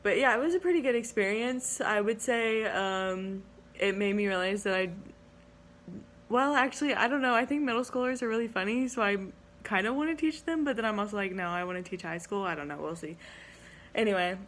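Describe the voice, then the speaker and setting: A woman's voice: fairly high pitch, lively intonation, fairly quick, fairly bright tone. Young woman, casual vlog storytelling, chatty, giggly, faint background hiss. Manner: chatty, heavy use of "like", giggly. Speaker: education student.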